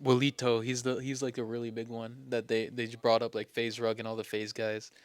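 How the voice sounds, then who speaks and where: A young man co-hosts a laid-back podcast, retelling stories in a loose, rambling way full of fillers and self-corrections. His voice is smooth and resonant, mid-pitched, recorded close and dry. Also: level tone, a little fast, no echo. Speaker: podcast co-host. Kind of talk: casual chat.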